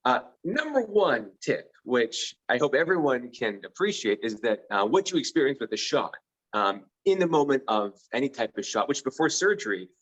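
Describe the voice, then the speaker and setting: A man's voice: medium pitch, sing-song, muffled recording. A man, a physician guest on a podcast, explaining patient care in an earnest, enthusiastic conversational way. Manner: earnest and enthusiastic, with quick asides. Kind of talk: conversational interview.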